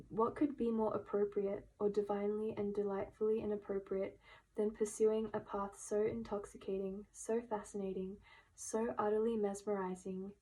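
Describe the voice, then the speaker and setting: A woman giving a pick-a-card tarot reading, speaking gently and emotionally and at times dropping into a whisper. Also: medium pitch, poor audio. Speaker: tarot reader. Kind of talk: soft-spoken tarot reading.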